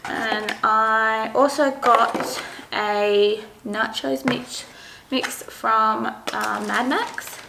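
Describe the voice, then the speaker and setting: A woman's voice: on the high side, fairly even intonation, extremely slow, gravelly. A young Australian woman chatting casually and giggling while eating on camera. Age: young adult. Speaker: vlogger host. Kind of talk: casual mukbang chat. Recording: echoey room with faint noise.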